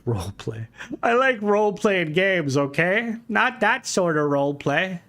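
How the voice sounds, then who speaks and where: A young Irish man streams a game, chatting casually, reading comments aloud, joking, and swearing. His voice jumps high whenever he gets worked up. His pitch swings widely, his pace is a little slow, and his tone is a bit bright.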